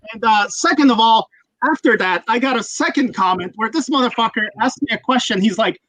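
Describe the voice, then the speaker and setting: Male streamer, crisp bright tone, dry mic, foul-mouthed and rambling. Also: very high-pitched, expressive, a little fast, dry recording, poor audio. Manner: profane, ranting, rambling. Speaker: livestream host. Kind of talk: casual livestream chat.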